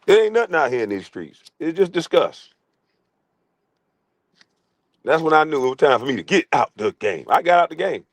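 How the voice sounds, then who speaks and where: A middle-aged man streaming a profane comic rant, crude, loud and laughing often. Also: fairly high pitch, very animated, fast, dry recording.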